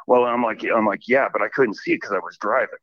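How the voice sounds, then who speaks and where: A man's voice: fairly low pitch, quick pace, dry recording. A man calling in by phone and rambling through a personal story, acting out what everyone said with lots of "I'm like.". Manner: rambling, animated retelling with many "I'm like" quotes. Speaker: caller. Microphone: phone line. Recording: dull phone line.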